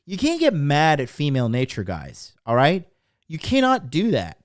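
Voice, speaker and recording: A man's voice: fairly high pitch, huge pitch swings, moderate pace, dry recording, studio quality. Blunt, profane male dating coach. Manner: crude, profane, blunt storytelling. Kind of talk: live-streamed casual monologue.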